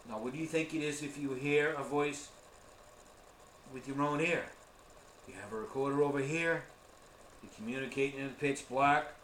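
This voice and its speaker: A man's voice: mid-range voice, steady tone, normal speed, pauses often, fairly bright tone, a little hiss or hum. A man giving a casual, earnest how-to talk on ghost hunting equipment, often calling his viewers folks. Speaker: ghost hunting tour guide. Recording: roomy live stream recording.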